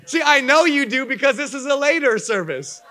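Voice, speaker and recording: A young man preaching a sermon to a congregation, telling stories with lively acted-out voices. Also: very high-pitched, moderate pace. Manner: animated storyteller acting out voices for a live congregation. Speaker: pastor.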